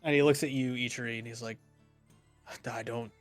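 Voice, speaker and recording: Halting male game master narrating a scene. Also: medium pitch, steady tone, soft background music. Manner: halting, many ums and restarts; refuses to do character voices.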